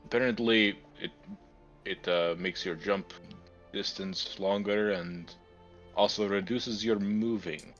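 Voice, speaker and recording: A man's voice: fairly low pitch, fairly even intonation, takes it slowly, a bit bright. A man playing a tabletop game, speaking politely and a little hesitantly. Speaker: player. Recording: dull lo-fi stream audio with faint music.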